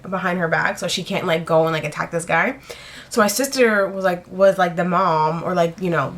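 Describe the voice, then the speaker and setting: A woman's voice: medium pitch, fairly bright tone. A young woman in her twenties telling a story to the camera in a casual, rambling way, full of "like" and freely swearing. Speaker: vlogger.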